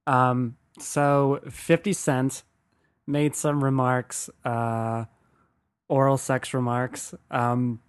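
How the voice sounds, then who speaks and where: A man's voice: medium pitch, flat delivery, drawn-out words, clear, resonant tone, dry recording. A young man hosting a podcast, rambling through a crude comic monologue, swearing often and laughing at his own jokes. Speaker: podcast host. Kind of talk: casual comedic monologue.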